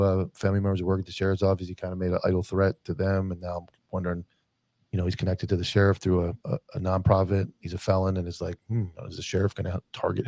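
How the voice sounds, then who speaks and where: A man hosting a casual podcast conversation, talking quickly and often chiming in with agreement. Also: sits low, darkish tone, no echo. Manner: rapid talker with frequent agreeing "yeah"s. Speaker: podcast host.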